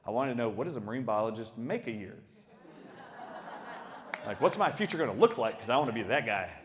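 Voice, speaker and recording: Middle-aged man, doctor, storytelling talk, emphatic, animated, laughing often. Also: medium pitch, a little fast.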